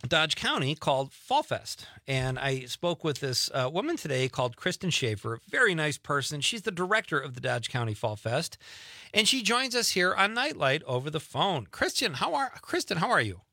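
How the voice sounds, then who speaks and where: A man's voice: fairly high pitch, big pitch swings, moderate pace, pushed and bright, dry recording, clean studio sound. A man hosting an evening radio talk show, chatting casually and joking with listeners and guests. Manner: chatty, jokey, reads listener texts aloud. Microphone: studio mic.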